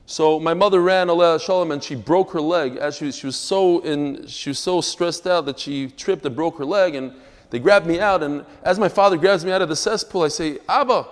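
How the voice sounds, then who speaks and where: A male rabbi gives a lively class, slipping from storytelling into textual explanation with emphatic asides. His voice sits somewhat high for a man, and a long reverb trails his words as though he is in a hall. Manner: animated, emphatic, with quick asides. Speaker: rabbi teaching a daily Talmud class.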